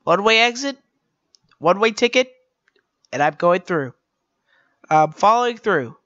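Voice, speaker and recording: A woman's voice: fairly low pitch, measured pace, dry recording, muffled recording. Giggly woman narrating a game. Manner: excitable, giggly, talking to the game. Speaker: game streamer. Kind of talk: let's play commentary. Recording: game music playing behind.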